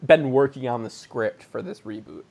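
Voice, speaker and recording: Mellow and medium-pitched with some vocal fry, a male podcast host speaks at normal speed. His casual review chat wanders through a retelling, punctuated by frequent laughs.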